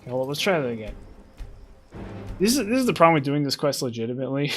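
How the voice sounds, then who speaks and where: A man's voice: mid-range voice, sing-song, fast, soft background music. A man streaming a game, rambling in casual commentary with many restarts.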